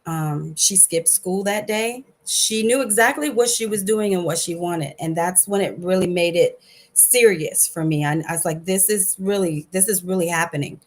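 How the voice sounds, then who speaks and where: A middle-aged woman sharing a personal testimony at a support group, speaking earnestly and haltingly over a video call. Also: on the low side.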